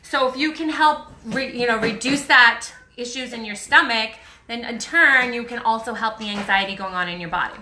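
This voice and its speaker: A woman with a Boston accent chats upbeat through a live stream, answering viewer comments. Her voice is strikingly bright and somewhat high. The room gives it a noticeable echo, and she fills her pauses with ums. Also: slight background noise. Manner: chatty and upbeat, frequent ums. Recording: roomy echo.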